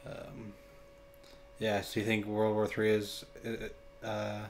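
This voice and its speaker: A man's voice: on the low side, monotone, slow pace, slight background noise. A man hosting a casual podcast, asking questions with many fillers and restarts. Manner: hesitant, filler-heavy questions. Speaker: host.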